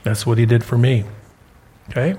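A middle-aged man preaching a sermon as pastor, animated, his pitch leaping up for emphasis. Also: normal speed, husky. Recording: long hall reverb.

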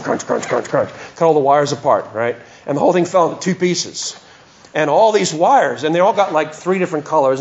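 A man's voice: medium pitch, a little mellow, lo-fi sound, slight background noise. A pastor preaching a sermon in a church hall, telling stories and then pressing his points with emphasis.

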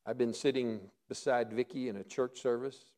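A middle-aged male pastor preaching a sermon, earnest, often dropping to a hush for emphasis. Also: mid-range voice, fairly even intonation, normal speed.

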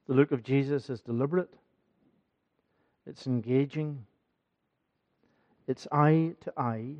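A man's voice: medium pitch, takes it slowly, darkish tone, highs cut off. A man preaching a sermon in a church, earnest and building in force, often repeating his phrases. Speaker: pastor.

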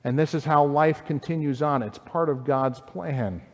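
Male pastor, slightly higher voice, measured and explanatory, sermon in a hall with long reverb. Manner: measured, explanatory, reads scripture aloud.

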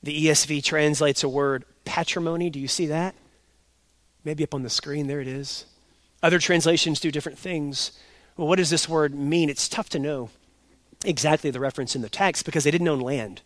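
A pastor preaching an expository sermon. He sets loud, emphatic stresses against quiet asides, and he repeats his key points slowly. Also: a little high, steady tone, no room sound.

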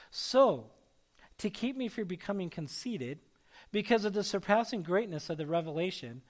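A man's voice: sits high, expressive, normal speed, darkish tone. A man preaching a sermon as pastor, reading scripture and building to emphatic calls to his congregation. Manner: preaching with rising intensity, calling out names.

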